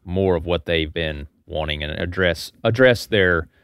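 A man's voice: low voice, measured pace, a bit bright, clean tone, dry recording. A man on a discussion panel, hesitant at first and then joking around. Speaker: panel guest.

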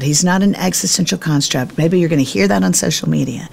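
A middle-aged woman Bible teacher telling a family story in an animated, self-deprecating way during a conversation. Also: lowish voice, gravelly. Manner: self-deprecating, emphatic, quick to laugh at herself.

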